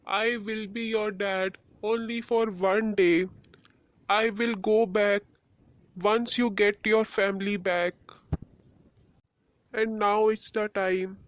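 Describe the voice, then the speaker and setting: A woman voicing a kind, loving father figure who speaks slowly and calmly. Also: mid-range voice, dull audio, natural voice. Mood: tender.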